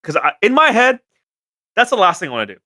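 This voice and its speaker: Guy cohosting a car podcast, casual chat, cusses a lot, bright tone. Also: high voice, quick pace, dry recording. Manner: animated storytelling, swears freely. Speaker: podcast co-host, car shop owner.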